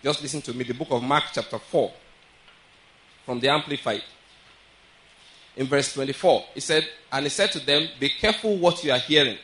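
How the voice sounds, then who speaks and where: A man's voice: mid-range voice, moderate pace, long pauses, pushed and bright, poor audio. A man preaching a sermon, earnest and repetitive, often checking that his listeners follow. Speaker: pastor.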